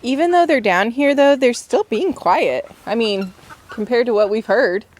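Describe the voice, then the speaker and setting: A woman's voice: on the high side, moderate pace, darkish tone. A woman on a homestead vlog chatting and laughing easily while doing chores outdoors. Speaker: homestead vlogger. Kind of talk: casual chat while doing farm chores. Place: outdoor animal pen.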